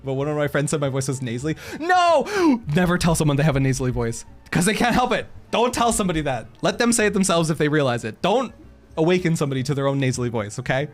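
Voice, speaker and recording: A man streaming a game, chatting casually with his chat, animated, laughing often and swearing freely. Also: fairly high pitch, quick pace, soft background music.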